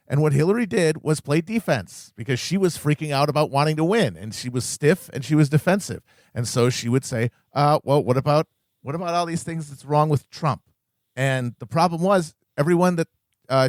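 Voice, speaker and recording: A man's voice: mid-range voice, a little mellow, no room sound, studio quality. A man co-hosting a podcast, talking politics in a wry, profane way that builds to emphatic peaks. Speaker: podcast co-host. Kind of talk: casual political chat.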